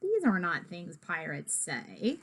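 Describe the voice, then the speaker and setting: A woman reading a children's picture book aloud, with lively, expressive delivery and asides to the listener. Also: fairly low pitch, slow, husky. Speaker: storybook reader.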